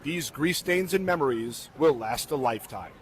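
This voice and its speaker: A man's voice: medium pitch, animated, lightly acted. A man doing a sardonic travel-show narrator. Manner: dry, sardonic, measured documentary delivery. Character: wry, world-weary male food and travel show narrator. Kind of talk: comedic impression narration.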